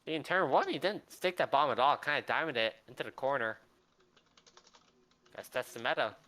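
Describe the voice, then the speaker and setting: A man calling a sim race with excitable, joking play-by-play commentary. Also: medium pitch, moderate pace.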